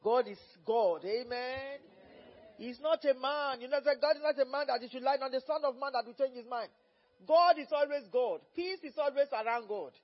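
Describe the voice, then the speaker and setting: A man with a high voice preaches a Bible lesson, repeating phrases and swelling into fervent calls. The recording is dull and lo-fi. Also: moderate pace. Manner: fervent, repeats phrases, rises to loud exhortation. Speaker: pastor leading a Bible study.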